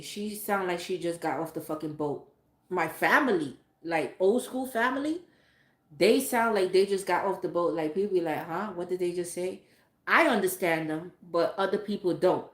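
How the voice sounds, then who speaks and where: A woman talking in a casual, candid way, rambling and swearing freely, with lots of fillers like "like" and "um". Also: on the low side. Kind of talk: casual chat. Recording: echoey room.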